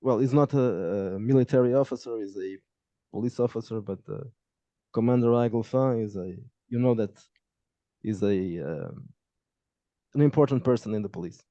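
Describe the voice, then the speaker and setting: A man narrating a tabletop game as game master, talking in a halting way with many restarts, on dull lo-fi audio. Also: mid-range voice, mellow, dry recording.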